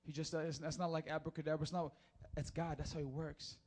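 A man's voice: a little high, flat delivery, a little fast, a little mellow. A man preaching a sermon as a youth pastor, casual and slangy, moving into prayer in a church sanctuary. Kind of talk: sermon and altar-call prayer.

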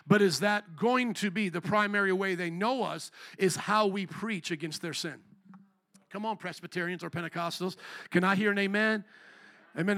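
An older man preaching a sermon as pastor, calling on the congregation for responses and rising to shouts. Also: high voice.

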